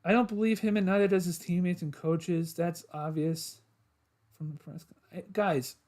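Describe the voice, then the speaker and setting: A man's voice: high voice, fairly even intonation, moderate pace, darkish tone. A man hosting a solo sports podcast livestream, talking to his chat in a frustrated, repetitive rant.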